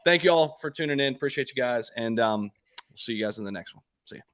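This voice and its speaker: A young man hosts a casual live stream in an easygoing, chatty way, filling gaps with ums and quick shout-outs. His voice sits at an ordinary middle pitch and sounds close and dry, with little room sound around it. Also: no room sound. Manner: laid-back, frequent fillers and shout-outs. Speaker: host of a live crypto stream.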